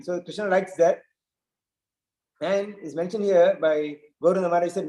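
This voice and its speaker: A man's voice: high voice, normal speed, warm tone, echoey room, poor audio. A man giving a devotional scripture talk, retelling a story and often checking in with "right?". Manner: storytelling with frequent "right?" asides. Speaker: preacher.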